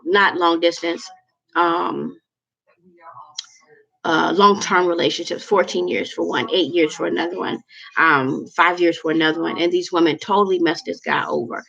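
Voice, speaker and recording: A woman's voice: on the low side, steady tone, normal speed, vocal fry, fairly bright tone, lo-fi sound. A woman in her forties telling a personal story to camera in a chatty, rambling, emotional way with lots of fillers. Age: 40s. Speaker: vlogger.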